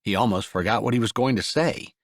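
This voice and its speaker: A man reading a sweet romance audiobook in a gentle, expressive storytelling manner. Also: lowish voice, a little fast, no room sound, studio quality. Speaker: audiobook narrator. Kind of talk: scripted narration.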